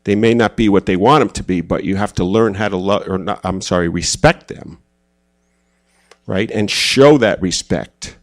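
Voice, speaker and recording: A man speaking at a church gathering in a relaxed, conversational sermon style, telling personal stories with self-deprecating humor. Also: deep voice, moderate pace. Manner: casual, self-deprecating, acts out quoted voices.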